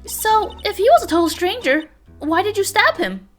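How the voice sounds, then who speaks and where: A woman reading the lines of a calm young male defense lawyer in a game, asking dry, quiet questions. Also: extremely high pitch, moderate pace, soft background music, pitched above the performer's own voice. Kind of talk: reading game dialogue aloud.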